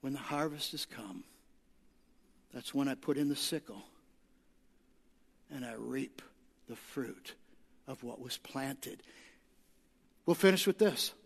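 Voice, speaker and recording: Guy preaching hard, repeats stuff, gets shouty, big hall echo. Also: mid-range voice, animated, slow pace, gravelly, long pauses, breathy edge. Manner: emphatic, repetitive lists, rises to shouting. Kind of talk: sermon. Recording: long reverb of a large hall.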